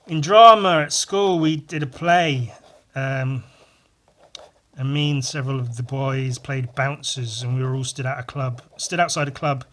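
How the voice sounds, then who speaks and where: A man's voice: medium pitch, moderate pace, a bit bright. A man hosting a casual solo podcast while drawing, rambling and swearing, poking fun at himself. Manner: rambling, profane, self-mocking. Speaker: podcast host.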